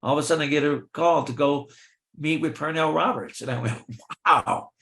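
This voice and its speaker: An older man, a guest in an interview, telling lively anecdotes and acting out the voices of the people in them. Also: on the high side, fairly quick, roomy sound. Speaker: film extra and actor, guest. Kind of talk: storytelling in an interview.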